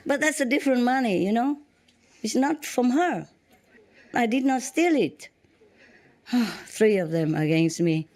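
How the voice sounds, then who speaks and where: Woman, halting. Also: fairly high pitch, darkish tone. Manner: halting, frequent restarts and fillers. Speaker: spiritual teacher. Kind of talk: personal storytelling to students.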